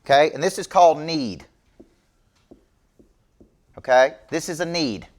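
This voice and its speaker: This middle-aged business coach preaches emphatically to his audience in a motivational talk, frequently tossing in "okay?" to check they're with him. His voice is on the high side and animated, at a measured pace.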